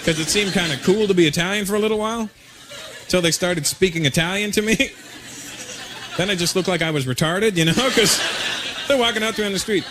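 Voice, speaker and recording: A male stand-up comedian from Canada, telling stories in an animated, casual way on stage, recorded at a live show with loud audience noise. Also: sits high, a little fast.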